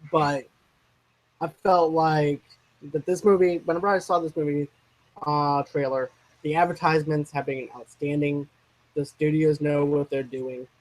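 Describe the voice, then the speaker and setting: Speaking unhurriedly with a slightly raised pitch, a co-host of a movie discussion channel chats about films over a rough recording. His relaxed talk wanders, stumbling over words, restarting, trailing off and circling back to his points.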